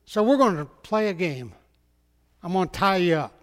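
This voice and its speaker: A man's voice: high voice, lively intonation, normal speed, a bit bright. A man voicing a seductive, sweet-talking woman who coaxes her lover, calling him honey and sweetie pie. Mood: coaxing. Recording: long hall reverb.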